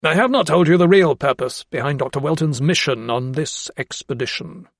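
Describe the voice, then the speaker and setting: A man voicing a solemn, guarded elderly gentleman of science, formal and emphatic, in an audiobook. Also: animated, normal speed, vocal fry, dry recording, studio quality. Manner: emphatic, formal and raised in pitch.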